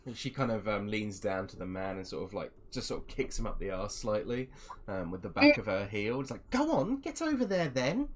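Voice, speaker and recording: A man's voice: on the low side, a little hiss or hum. A man narrating a tabletop game as game master, in a casual, filler-heavy way.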